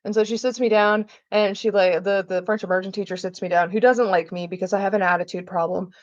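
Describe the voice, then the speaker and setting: A woman's voice: mid-range voice, fairly even intonation, quick pace, dull audio. Chatty woman telling stories. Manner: chatty, swears freely, acts out quoted people. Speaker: vlogger. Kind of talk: casual storytelling while cooking. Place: home kitchen.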